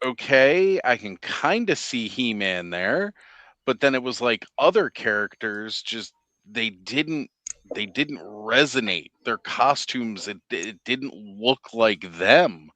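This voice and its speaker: A man's voice: mid-range voice, expressive, takes it slowly, pushed and bright, dry recording. A man co-hosting a podcast, chatting casually and eagerly with many fillers. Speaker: podcast co-host. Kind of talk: casual chat.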